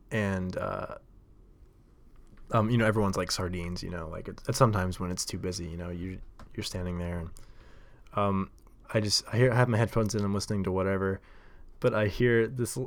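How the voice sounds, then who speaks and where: Rambling man telling a story. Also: fairly low pitch. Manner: rambling, filler-heavy, laughs often. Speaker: podcast host. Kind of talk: casual storytelling monologue.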